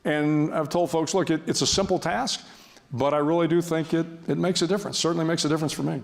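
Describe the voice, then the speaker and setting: A man's voice: a little high, fairly even intonation, quick pace, vocal fry. An older man speaking as a guest before an audience, telling a story in a wry, self-deprecating way with frequent restarts.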